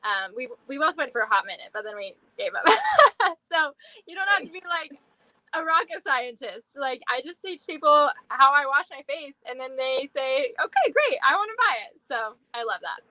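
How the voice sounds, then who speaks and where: Bubbly woman in her 20s on a video call, super bright sharp voice, high, dry sound. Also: very animated, moderate pace, dry recording, low-quality recording. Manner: bubbly and giggly. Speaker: sales consultant. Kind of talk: casual live video chat.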